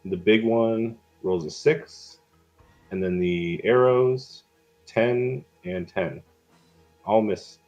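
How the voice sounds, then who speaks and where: Guy running a d&d game, kinda low voice, muffled lo-fi sound, faint music under it. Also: slow, a little mellow. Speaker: game master. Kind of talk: narrating a tabletop game.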